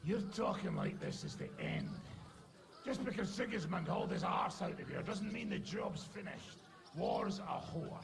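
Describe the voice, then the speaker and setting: An actor playing a foul-mouthed, gruff male mercenary in a game, crude and swearing. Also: on the high side, huge pitch swings, normal speed, heavily acted.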